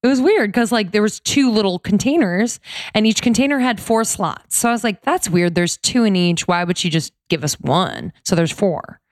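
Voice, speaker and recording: Lively storytelling woman podcaster. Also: medium pitch, moderate pace, no echo, studio quality. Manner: animated storyteller, swears casually. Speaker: podcast co-host. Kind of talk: casual chat.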